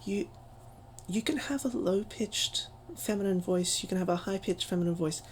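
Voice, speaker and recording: Woman, casual tutorial, chatty, self-deprecating, mid pitch, faint background hiss. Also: moderate pace, poor audio. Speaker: voice training tutor.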